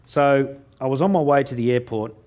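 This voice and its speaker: A middle-aged man giving a humorous keynote on stage before a live audience, joking and mocking himself with quick asides. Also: mid-range voice, a little mellow. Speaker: motivational speaker.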